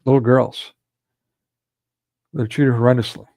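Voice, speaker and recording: A man's voice: medium pitch, fairly even intonation, a little slow, creaky, a little mellow, no echo. A man delivering a ranting monologue commentary, sarcastic and scornful, breaking into mocking laughs.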